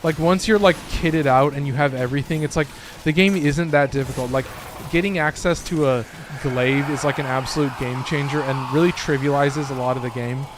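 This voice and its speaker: Over background noise, a young man with a steady, mid-range voice talks briskly as he plays a game. This gaming streamer rambles loosely, curses freely, leans on fillers, and his voice occasionally cracks.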